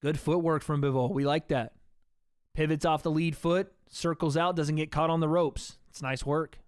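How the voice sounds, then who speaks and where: A man's voice: a little high, steady tone, normal speed, clear, resonant tone, no echo, clean studio sound. A man hosting a livestream, giving casual play-by-play commentary on a fight and chatting to his viewers as guys. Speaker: livestream host.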